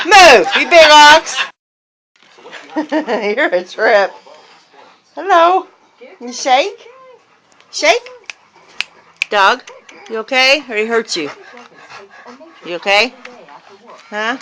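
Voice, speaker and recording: High-voiced woman laughing and scolding her dog. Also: big pitch swings, slow pace, pauses often, sharp tone. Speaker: dog owner filming at home. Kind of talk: casual home video chatter.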